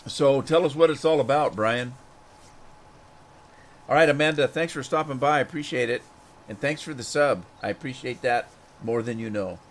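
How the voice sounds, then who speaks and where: A man's voice: medium pitch, normal speed, long pauses, slight background noise. A man streaming a farming game, telling a rambling anecdote with chuckles and repeated words, then greeting viewers in chat. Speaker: gaming streamer. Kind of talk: casual storytelling while gaming.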